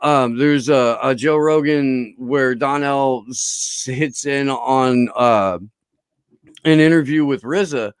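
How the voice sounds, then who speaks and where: A man's voice: medium pitch, takes it slowly, clean tone, no room sound. A man telling a long story in a rambling, profane way with lots of fillers, as a podcast guest in casual chat.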